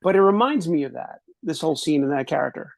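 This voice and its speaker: A man's voice: on the high side, expressive, quick pace, gravelly, dry recording. A man co-hosting a podcast, laughing easily and drifting into digressive asides. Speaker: podcast co-host. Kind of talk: casual recap chat.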